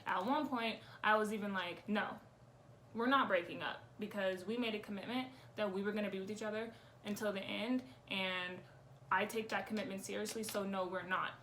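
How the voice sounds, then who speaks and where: A woman's voice: mid-range voice, fairly even intonation, a little fast, fairly bright tone, slight background noise. A young woman talking candidly to camera in a personal vlog. She speaks frankly, with emphasis, swears freely and gets riled up. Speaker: vlogger.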